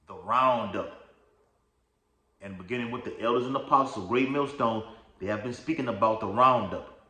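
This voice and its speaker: A lay preacher gives an informal religious teaching, rambling, reading verses aloud, and checking in with "okay?" and "all right?". His mid-range voice is brisk with a sharp tone, and the room is echoey.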